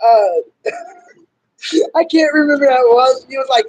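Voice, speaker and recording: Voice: sits high, big pitch swings, unhurried, pauses often, rough recording. A young interviewer in their twenties, rambling eagerly as a fan of the guest in casual chat. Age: 20s.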